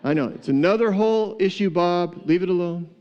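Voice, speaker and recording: A man's voice: sits high, fairly quick, a little mellow, dull audio. A pastor preaching a sermon to his church, retelling a parable with humor, laughing often and acting out the characters. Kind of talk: sermon storytelling.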